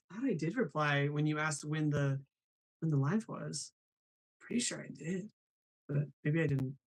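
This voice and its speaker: Hosting a live show, a man chats casually with a guest on an internet call, apologizing and laughing often. His voice is slightly high with a fairly bright tone.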